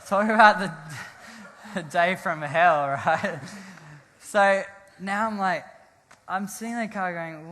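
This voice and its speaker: A man, a pastor telling a rambling, animated story in a sermon, often laughing and restarting his sentences. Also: high voice, unhurried. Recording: long hall reverb.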